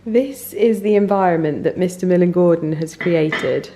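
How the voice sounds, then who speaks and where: A woman's voice: on the low side, moderate pace, dark tone, a little hiss or hum. A woman, chatting casually at home in a gushing, rambling way as a lifestyle vlogger. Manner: gushing, rambling, searches for words. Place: home, indoors.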